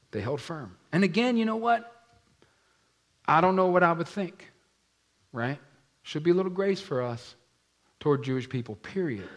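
Preaching to a congregation at a brisk clip, a pastor with a voice on the high side gets animated. He gives voice to figures in the scripture story and keeps asking the room questions.

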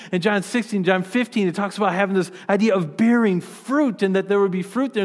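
A man preaching a sermon in a fairly high voice, talking earnestly and conversationally with frequent restarts. His voice carries a long reverb, as in a large hall. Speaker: pastor.

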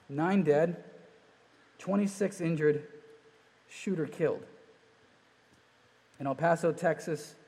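Male pastor, earnest sermon delivery, higher pitch, long church reverb. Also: mellow. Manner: earnest preaching with pauses and restarts. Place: church sanctuary.

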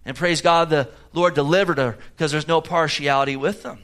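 A man's voice: fairly high pitch, steady tone, brisk, fairly bright tone. A man preaching a sermon as a pastor, emphatic and full of rhetorical questions. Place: church service.

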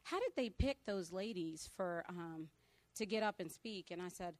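A woman's voice: fairly low pitch, expressive, moderate pace, darkish tone, no room sound. A woman who led a small discussion group at a retreat, speaking conversationally to a church congregation. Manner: conversational, with fillers. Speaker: women's retreat group leader. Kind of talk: spoken testimony.

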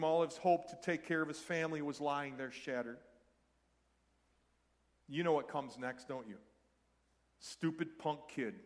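High-voiced male pastor in a reverberant hall. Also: a bit bright. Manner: storytelling, earnest and direct to the congregation. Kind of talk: sermon.

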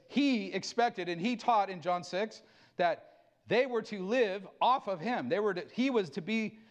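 High-voiced man preaching a sermon. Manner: fervent preaching with sudden drops to quiet asides. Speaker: pastor.

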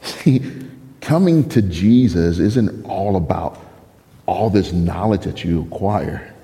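A man preaching a sermon as pastor, telling a story with lively laughs and acted-out dialogue. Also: deep voice, slow, vocal fry, in a large hall. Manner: animated storyteller, laughs often, acts out quoted dialogue.

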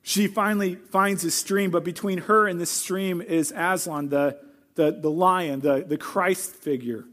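A man's voice: sits high, steady tone, unhurried, fairly bright tone. A male pastor giving an earnest sermon that closes with a prayer. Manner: earnest preaching, closing in prayer.

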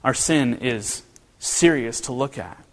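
A man's voice: medium pitch, slow. A man preaching a sermon as a pastor, talking in a conversational way with many rhetorical questions and restarts. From northern Kentucky. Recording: long reverb of a hall.

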